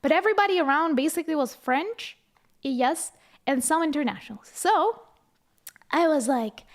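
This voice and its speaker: A woman's voice: high-pitched, expressive, moderate pace. A young woman from Ukraine, chatting casually on a live stream, telling stories, reading chat aloud and laughing often.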